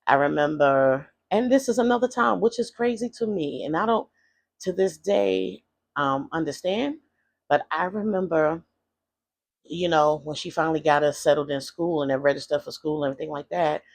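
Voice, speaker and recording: A man recounts his past for a vlog, wandering and hesitant, often circling back with fillers. His voice sits a bit high for a man and has a gravelly edge. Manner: rambling, hesitant, many fillers and restarts. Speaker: vlogger. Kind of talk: personal storytelling.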